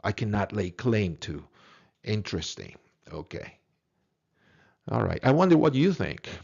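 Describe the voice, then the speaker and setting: A man's voice: lowish voice, sing-song, a little slow, creaky, a little mellow. Emphatic man lecturing, dull recording. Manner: earnest, emphatic, with rhetorical questions and repeated words.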